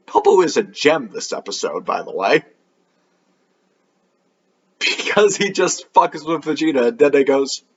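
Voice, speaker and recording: A man's voice: on the high side, very animated, a little slow, pauses often, highs cut off. A man hosting a comedic anime review show, sarcastic and swearing freely.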